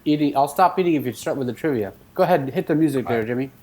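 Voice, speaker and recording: A man on a podcast, cracking jokes and rushing his co-hosts along. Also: medium pitch, animated, darkish tone, low-quality recording. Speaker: podcast co-host. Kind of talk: casual podcast banter.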